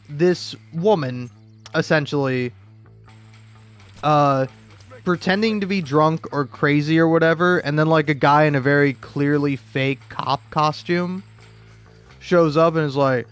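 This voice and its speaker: A man's voice: a little high, unhurried, soft background music. Rambling young man streaming a game. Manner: rambling, frequent fillers and restarts; sarcastic and profane. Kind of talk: casual gaming stream chat.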